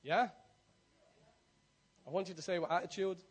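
A man pastor preaching a sermon, swinging from soft confiding asides to loud shouted prayer lines for the congregation to repeat. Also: sits high, fairly even intonation, normal speed, slightly rough. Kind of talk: sermon with call-and-response prayer.

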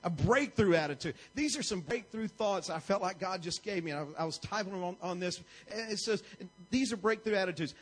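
A man's voice: high-pitched, lively intonation, a little fast, a bit bright, breathy edge, soft background music, low-quality recording. A man preaching a sermon in a church, with an emphatic, repetitive preaching cadence.

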